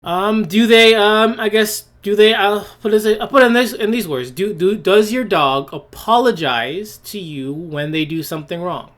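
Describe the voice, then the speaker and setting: A high-voiced man hosts a solo opinion podcast, talking at normal speed with few pauses in a fairly bright tone. He's blunt and scornful, firing off rhetorical questions and restarting his phrases as he goes.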